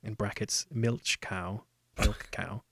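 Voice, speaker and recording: A man's voice: lowish voice, steady tone, takes it slowly, vocal fry, heavy background noise. A man voicing an old fairy-tale father with a Yorkshire accent, obligingly listing his family in a comic storybook reading.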